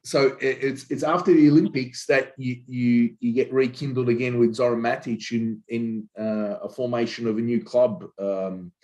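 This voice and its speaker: Brief: male host, mid-pitched, chatty, prompts his guest along. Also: steady tone, moderate pace, hardly any pauses, darkish tone. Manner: chatty, short backchannels, prompting questions. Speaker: interview host. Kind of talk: casual interview.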